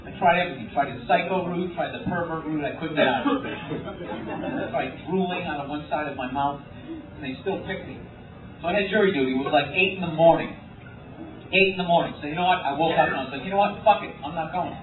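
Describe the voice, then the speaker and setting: A male stand-up comedian tells wry, profane stories in a fairly high voice. He sounds distant and phone-thin. A roomy echo and a crowd surround him. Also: fast talker. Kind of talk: stand-up routine. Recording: distant, tinny, echoey live room with crowd.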